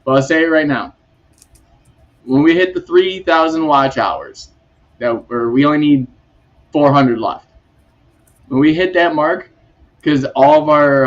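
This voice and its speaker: A man's voice: medium pitch, highs cut off. A man hosting a casual podcast chat, rambling and laughing often. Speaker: podcast host.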